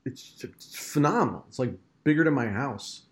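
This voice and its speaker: A man's voice: medium pitch, lively intonation, moderate pace. Effusive jokey man hosting a podcast. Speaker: podcast co-host. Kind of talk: casual chat.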